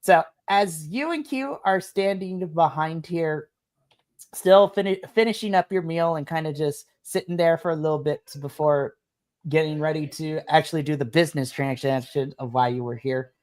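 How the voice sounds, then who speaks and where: A woman's voice: low voice, normal speed, darkish tone. A woman narrating a tabletop role-playing game as game master, chatty and laughing often. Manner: giggly, chatty.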